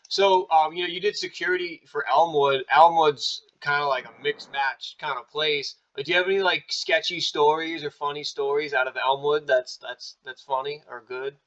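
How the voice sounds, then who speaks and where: A man's voice: fairly high pitch, fairly quick, hardly any pauses, a bit bright. A man hosting a casual interview chat, easygoing, asking questions and telling his own stories. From Staten Island, New York. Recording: dull lo-fi sound.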